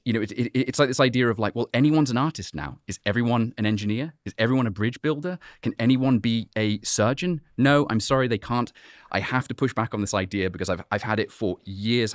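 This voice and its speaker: A man's voice: on the low side, no room sound, clean studio sound. A man who works as a sculptor, talking passionately and emphatically in a panel discussion. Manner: passionate, emphatic, acts out quotes.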